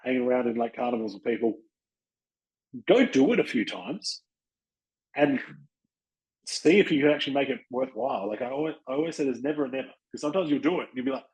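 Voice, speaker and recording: An Australian man hosting a podcast, giving casual, blunt coaching advice and acting out quick exchanges with people. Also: mid-range voice, animated, darkish tone, rough recording. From Western Australia. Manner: blunt, chatty, acts out little dialogues with people. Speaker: podcast host and chiropractic practice coach.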